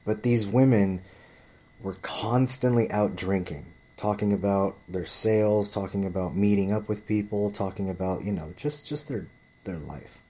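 Low-voiced man ranting bluntly. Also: normal speed, darkish tone. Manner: profane, blunt, rambling with restarts. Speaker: vlogger. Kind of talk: ranting storytime monologue.

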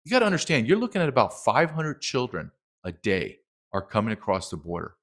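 A man's voice: mid-range voice, huge pitch swings, brisk, a bit bright. A middle-aged man speaking as a documentary filmmaker guest in a heated interview, emphatic and impassioned, acting out quotes.

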